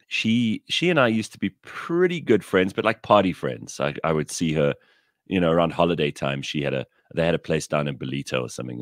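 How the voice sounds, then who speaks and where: A man's voice: very deep voice, vocal fry, dry recording, clean studio sound. A man telling blunt, irreverent stories in a casual chat. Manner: animated storyteller, blunt and irreverent. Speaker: podcast co-host.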